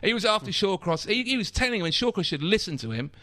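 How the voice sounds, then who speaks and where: A man's voice: sits high, lively intonation, fast talker, sharp tone, dry recording. A man hosting a casual football podcast, ranting indignantly and repeating points for emphasis. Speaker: podcast host.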